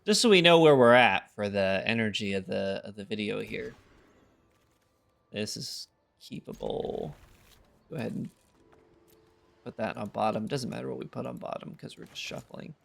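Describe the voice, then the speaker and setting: A man's voice: fairly low pitch, normal speed, vocal fry, long pauses, a bit bright. A tired man giving casual, laid-back gameplay commentary, thinking aloud with a wry tone. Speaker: gaming content creator.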